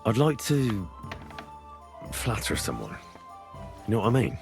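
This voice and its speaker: Young game hero, lowish voice, lively intonation, dry and plain-spoken. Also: male voice, measured pace, creaky, faint music behind, full character voice. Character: earnest young male hero with dry humor. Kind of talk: video game dialogue.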